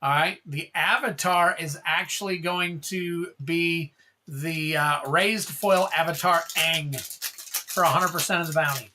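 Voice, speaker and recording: Bright-voiced card-opening stream host. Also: mid-range voice, a little hiss or hum. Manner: reads off card names in a quick, offhand list. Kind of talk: casual commentary while opening trading cards.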